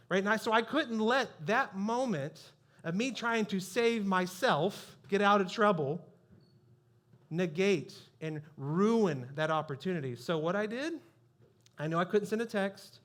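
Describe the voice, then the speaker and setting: A man's voice: high-pitched, expressive, moderate pace, fairly bright tone. A man preaching a sermon as pastor, telling a personal story in a conversational, self-deprecating way.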